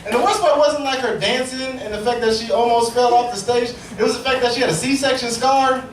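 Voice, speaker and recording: A man's voice: very high voice, steady tone, fairly quick. A man doing a crude stand-up comedy set in a club, telling stories with acted-out quotes. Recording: echoey club, far mic, loud crowd. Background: audience laughter.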